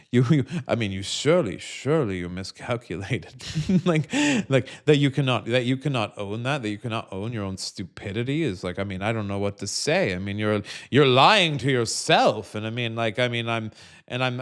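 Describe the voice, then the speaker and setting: A man from the United States speaks in a somewhat low voice as he rants directly at his audience. His delivery is heated and profane, with constant fillers and restarts that break up his sentences. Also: fairly bright tone. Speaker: political commentator. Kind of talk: direct-to-camera rant.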